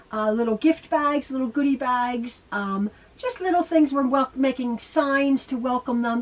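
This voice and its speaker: A middle-aged woman chatting through a home sewing tutorial, talking quickly and rambling with fillers and restarts. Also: high-pitched, recorded from a distance. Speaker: quilting teacher. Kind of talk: casual sewing tutorial chat.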